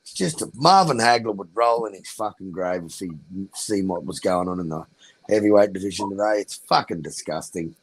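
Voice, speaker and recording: A man's voice: low-pitched, animated, a little fast, breathy edge, no echo. A man hosting a podcast, bantering crudely with his guests. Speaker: host. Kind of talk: casual podcast chat.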